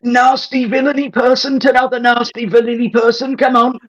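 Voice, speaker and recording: A man's voice: extremely high pitch, flat delivery, fairly quick, dull audio, pitched above the performer's own voice. A man voicing a bossy, fickle male troll with a throaty, exaggerated Australian accent and blunt demands. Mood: coaxing.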